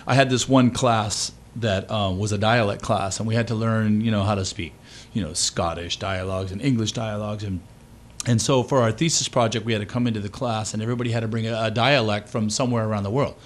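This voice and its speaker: A man's voice: on the low side, fairly even intonation, fairly quick. A man from Maui telling stories as a guest in a casual talk show chat. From Maui, Hawaii. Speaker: actor guest.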